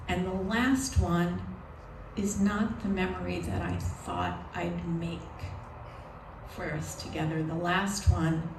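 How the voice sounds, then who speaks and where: A woman telling a personal story live on stage, in a slow, deliberate, emotional way. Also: on the low side, warm tone. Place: live event venue. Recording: roomy live venue from a distance. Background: audience noise.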